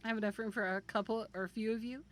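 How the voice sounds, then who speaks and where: A woman in her thirties chatting on a live stream, bubbly and excitable, laughing a lot. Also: fairly high pitch, racing. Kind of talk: casual live-stream chat.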